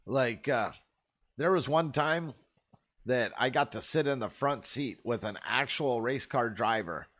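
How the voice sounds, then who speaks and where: A man's voice: medium pitch, animated, unhurried, a bit bright. A man host telling rambling, profane stories in a laid-back, casual way. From Arizona. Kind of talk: casual storytelling.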